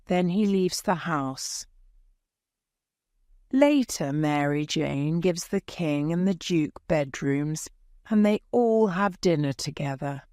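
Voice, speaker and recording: A woman narrates a graded reader at a very slow, deliberate pace, in a somewhat low voice. The recording is dry and close, with no room sound. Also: darkish tone, clear, resonant tone, no room sound. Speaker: audiobook narrator. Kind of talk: slow scripted storybook narration for learners.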